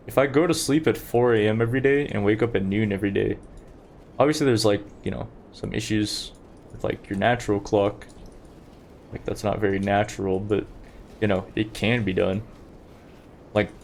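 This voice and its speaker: Low-voiced young man streaming a game. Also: darkish tone, a little hiss or hum. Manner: chatty, rambling, talks to chat while playing. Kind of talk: casual gameplay commentary.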